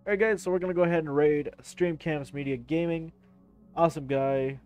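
A man hosting his own live stream, talking in an animated, chatty way with casual swearing. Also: on the high side, fairly quick, smooth, faint music behind.

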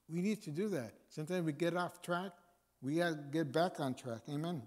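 A man's voice: fairly high pitch, normal speed, darkish tone. A man speaking as a guest chaplain, preaching informally to a men's meeting with repeated phrases and fillers. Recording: long reverb of a hall.

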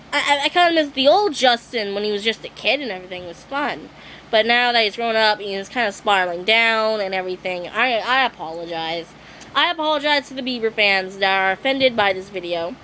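High-voiced young woman ranting to camera. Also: fairly bright tone, a little hiss or hum, low-quality recording. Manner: exasperated, swearing, apologetic. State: losing her voice. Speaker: vlogger. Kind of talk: ranting vlog monologue.

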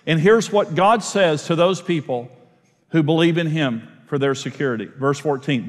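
A man's voice: a little high, normal speed, big-room sound. A man preaching a sermon, earnest and emphatic, repeating phrases to drive points home. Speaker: pastor. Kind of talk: sermon teaching.

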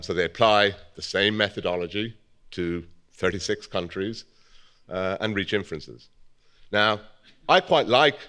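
Measured British man giving an academic talk. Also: sits low, fairly bright tone, clear, resonant tone. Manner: measured, thoughtful, with fillers and restarts. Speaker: conference speaker.

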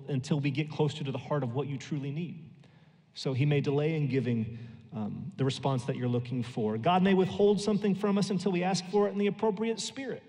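An American man in his thirties preaching a sermon in a church, telling everyday stories in a conversational way with quick lively asides. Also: fairly high pitch. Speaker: pastor. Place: church sanctuary. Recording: long reverb in a church hall.

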